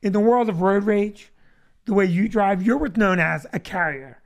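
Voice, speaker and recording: A man's voice: high voice, moderate pace. Man, middle-aged, comedian host, casual chat, wry rambling storyteller.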